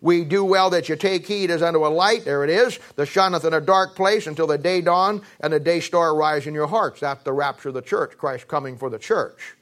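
A man preaching a sermon with emphatic, repeated phrases, swinging from raised peaks to low drops. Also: a little fast, hardly any pauses, fairly bright tone. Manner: emphatic, rising to high-pitched emphasis and dropping low.

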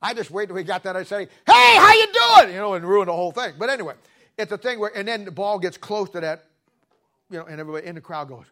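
A man preaching a sermon in a folksy, storytelling way, with sudden loud bursts between quieter stretches. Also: high voice, quick pace.

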